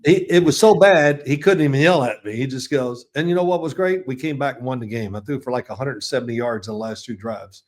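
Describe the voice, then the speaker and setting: A man's voice: mid-range voice, brisk, hardly any pauses, a little mellow. Older man telling rambling stories. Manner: chatty, rambling anecdotes with frequent restarts and chuckles. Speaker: football analyst, interview guest. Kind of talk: casual interview storytelling.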